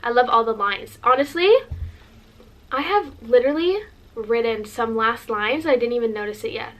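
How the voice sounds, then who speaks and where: A woman's voice: fairly high pitch, moderate pace, fairly bright tone. A woman from Northern California, chatting in a gushing, rambling vlog with lots of likes. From Northern California, USA. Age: 20s. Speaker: vlogger.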